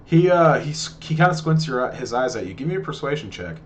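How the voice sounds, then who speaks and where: A man narrating as game master of a tabletop game, talking in a halting way with many restarts. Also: mid-range voice, big pitch swings, noisy background.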